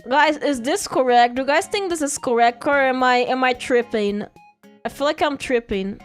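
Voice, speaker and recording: High-pitched giggly woman streamer. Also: moderate pace, soft background music. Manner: giggly, playful, talks to herself and repeats phrases. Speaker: live streamer. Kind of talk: casual live-stream chat while drawing.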